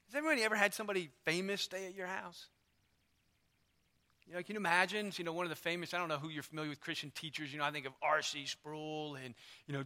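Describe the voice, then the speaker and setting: Chatty male preacher, high and bright. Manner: conversational, storytelling, lots of asides. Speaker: pastor. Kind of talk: sermon. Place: church.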